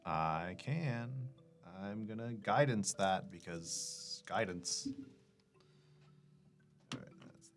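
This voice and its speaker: A man's voice: lowish voice, animated, takes it slowly, pauses often, faint music behind. A young man playing a tabletop game, playfully announcing his character's actions. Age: young adult. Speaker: player. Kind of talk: casual tabletop game play.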